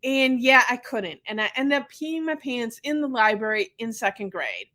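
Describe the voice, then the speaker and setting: A woman's voice: a little high, big pitch swings, moderate pace, bright, forceful tone. A woman hosting a podcast and talking about her work as a physical therapist, chatty and earnest in casual conversation.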